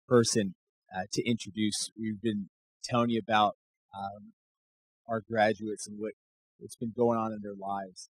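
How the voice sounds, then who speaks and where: A man hosts an event and introduces the next speaker with enthusiasm, his delivery halting as he finds his words. His voice is low and husky, with a dry sound. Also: no echo, poor audio. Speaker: host.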